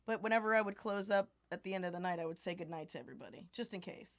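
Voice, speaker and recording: A woman's voice: fairly low pitch, very fast, no echo. A woman comedian guesting on a podcast, telling stories with lots of laughter. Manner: laughs often, animated storytelling. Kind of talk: casual comedic chat.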